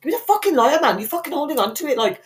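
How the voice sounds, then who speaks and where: Brash young woman, podcast co-host, swears nonstop, slangy, very animated delivery. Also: sits high, very fast. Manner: brash, swears constantly, playful insults; slangy street talk. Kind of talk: casual banter.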